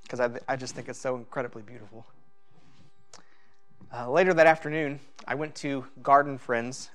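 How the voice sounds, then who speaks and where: A man giving a personal sermon as pastor, talking in a halting, reflective way with many fillers. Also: mid-range voice, fairly bright tone.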